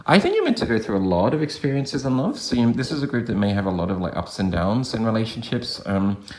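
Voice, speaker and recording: A man with a low voice gives a gentle, affirming tarot reading to his viewers. He talks loosely, with restarts and rising lifts, and the room around him sounds echoey. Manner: gentle, affirming, drifting in pitch with frequent restarts. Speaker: tarot reader. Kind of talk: pick-a-card tarot reading.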